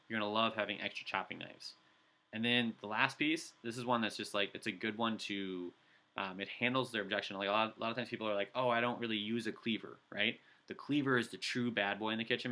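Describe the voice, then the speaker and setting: A man giving an energetic sales training talk, coaching his listeners and acting out customer pitches. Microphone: video call.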